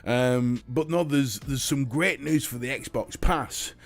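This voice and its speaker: Chatty British livestream host. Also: male voice, medium pitch, slow pace, vocal fry. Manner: chatty, swears freely, reads and answers chat. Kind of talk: casual live-stream chat.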